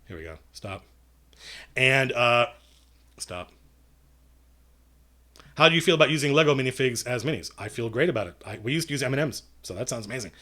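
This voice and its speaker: A man's voice: medium pitch, lively intonation, fast talker, long pauses, pushed and bright. Man in casual livestream Q&A mode, talks loosely with lots of restarts and dry asides. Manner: rambling, self-correcting, dry jokes. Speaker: game master and writer answering viewer questions.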